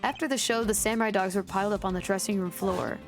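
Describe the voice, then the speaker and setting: A woman voicing a serious, formal male prosecutor in a measured, grave way, dropping below her usual voice. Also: mid-range voice, fairly even intonation, over music, pitched below the performer's own voice, lightly acted.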